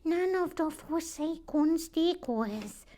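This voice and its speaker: A woman voicing a mild, deadpan bearded man friend who asks slow, matter-of-fact questions. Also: extremely high pitch, voice pushed up, exaggerated voice.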